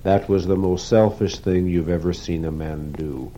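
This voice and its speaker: A man voicing a calm, self-assured young male architect who speaks quietly and tersely. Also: low voice, normal speed, slight background noise, close to an everyday voice. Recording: dull lo-fi recording.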